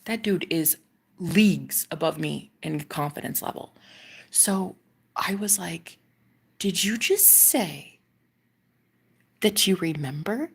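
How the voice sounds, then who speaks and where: A woman vlogger casually telling a personal story to her viewers, animated and swearing, often dropping into a whisper. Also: lowish voice, takes it slowly, vocal fry, pauses often, slightly rough.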